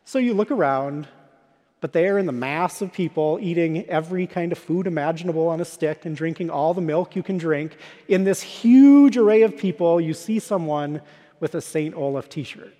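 A man's voice: fairly high pitch, normal speed, dark tone. A man preaching a sermon, telling everyday stories in a conversational way to his listeners. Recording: long hall reverb.

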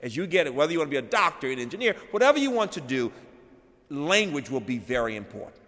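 A man's voice: on the high side, sing-song, fast talker, fairly bright tone. A man giving an inspirational address as a speaker, telling a story and building repeated phrases to rising emphasis. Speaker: keynote speaker. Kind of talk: inspirational speech. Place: large chapel. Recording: long hall reverb.

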